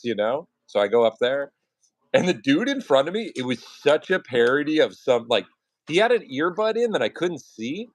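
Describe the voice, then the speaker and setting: A man's voice: medium pitch, normal speed, no room sound. A man hosting his own livestream, telling stories in casual, profane chat and acting out the people he quotes. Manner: profane, animated storytelling with acted-out quotes.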